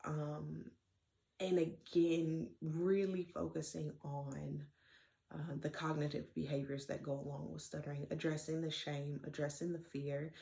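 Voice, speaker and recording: Young woman, low voice with some fry, earnest student reflection, lots of ums. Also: little pitch movement, a little slow, mellow. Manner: earnest, many um fillers. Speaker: student clinician. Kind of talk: spoken book reflection.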